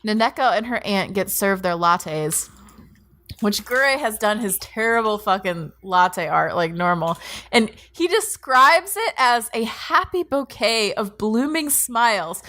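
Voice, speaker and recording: A woman's voice: fairly high pitch, lively intonation, unhurried, pushed and bright. A woman co-hosting a podcast, recapping anime episodes in casual chat, laughing often, swearing freely and padding her talk with fillers. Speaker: podcast co-host.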